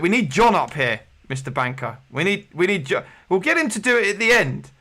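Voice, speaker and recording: Male quiz host, slightly high-pitched, playful showman patter, rambling and comic. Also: lively intonation, brisk, pushed and bright.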